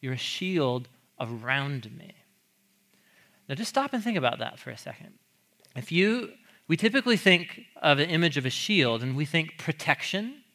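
Bright-voiced man preaching conversationally. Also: fairly high pitch, sing-song, brisk. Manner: conversational, asks the audience questions, laughs often. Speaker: pastor. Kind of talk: sermon teaching on a psalm.

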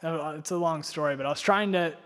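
A young man from North Carolina delivers a sermon full of personal stories. He rambles and pokes fun at himself, leaning on filler words. His voice sits a little high and rings out with long reverb across a church hall. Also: fairly quick, a bit bright. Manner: rambling, self-deprecating, heavy on filler words. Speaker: preacher.

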